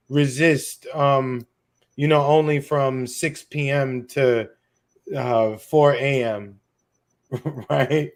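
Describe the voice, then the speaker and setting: Blunt, sarcastic male podcast co-host. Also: medium pitch. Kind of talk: casual political chat.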